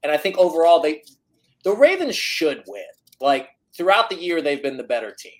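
A man co-hosting a sports podcast talks through his betting picks in a casual chat. His voice is a little high, with big pitch swings, at a normal speed. His analysis is thoughtful but loose and hedging, sprinkled with plenty of "like"s.

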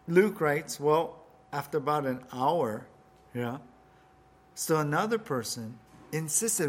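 A man preaching a sermon, retelling a scripture story in a slow, halting way and voicing the people in it. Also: fairly high pitch, expressive. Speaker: pastor.

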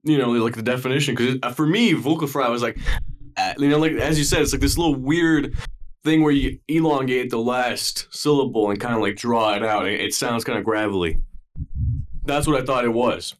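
A man with an ordinary mid-range voice, bantering on a podcast. He teases his co-hosts and jokes around in relaxed, casual chat. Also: medium pitch, a little fast. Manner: teasing, bantering. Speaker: podcast co-host.

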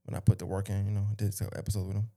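A man's voice: on the low side, monotone, rapid-fire, creaky, dark tone. A man hosting a podcast, giving a casual motivational rant with lots of repetition, restarts and emphatic asides. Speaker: podcast host.

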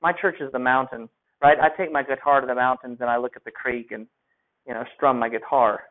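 A man's voice: medium pitch, steady tone, a little fast. A male teacher giving a classroom lecture, talking conversationally and asking his students questions. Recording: phone-like lo-fi audio.

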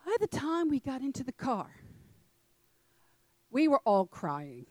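Lively woman telling a sermon story. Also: high-pitched, slow pace, dry recording, rough recording. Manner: animated, laughing storyteller speaking to a congregation. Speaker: church speaker.

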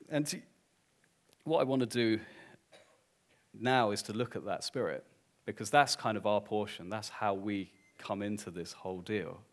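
A man preaching a sermon as pastor, swinging from hushed, drawn-out lines to loud, emphatic declarations. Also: lowish voice.

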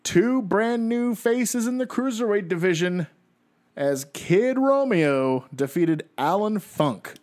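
A man co-hosting a casual podcast, recapping old wrestling shows as an animated storyteller who laughs often. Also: high-pitched, slow pace. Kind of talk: casual chat.

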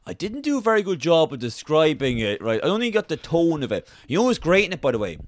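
A man's voice: on the high side, huge pitch swings, fast. A young man co-hosting a comedy podcast, casually retelling a film and acting out scenes in silly voices. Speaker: podcast co-host.

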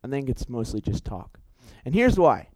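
A young man giving a storytelling sermon in an animated, chatty way, full of fillers and self-corrections. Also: mid-range voice, moderate pace, no room sound, poor audio. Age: young adult. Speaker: youth preacher.

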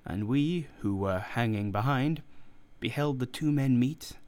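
A man reading a story aloud in a measured, deliberate narration. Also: medium pitch, darkish tone. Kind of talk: scripted audiobook narration.

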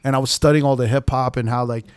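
Man, podcast co-host, rambling, profane, mid pitch, dry sound. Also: steady tone, quick pace, darkish tone, smooth, no echo. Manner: rambling, profane, filler-heavy storytelling. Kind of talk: casual chat.

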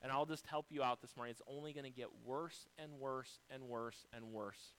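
An American man preaches from the pulpit in a middle-pitched voice. He lays out numbered points and talks straight to the congregation. His volume swings from forceful peaks down to soft, low phrases. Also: fairly even intonation, normal speed, poor audio. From United States. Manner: dynamic preaching, rising loud then dropping soft; speaks directly to congregation, lists numbered points. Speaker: pastor. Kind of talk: sermon.

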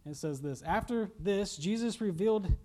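A man's voice: high-pitched, lively intonation, normal speed, a little mellow. A young man with a Kentucky accent preaching a casual sermon, joking and laughing as he retells a story. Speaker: pastor.

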